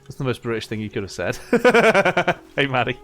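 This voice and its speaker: A man's voice: medium pitch, racing, fairly bright tone. A man doing live gameplay commentary as a streamer, chatty and joking, often laughing and talking to his chat. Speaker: game streamer. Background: game audio and music.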